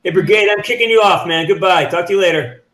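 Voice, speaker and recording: A man hosting a live video call show, moderating in a friendly, brisk way with callers. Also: high-pitched, fairly bright tone. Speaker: host. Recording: roomy echoey room sound.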